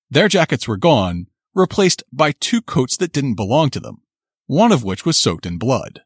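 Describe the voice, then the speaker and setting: Husky man narrating true crime. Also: medium pitch, dry recording, studio quality.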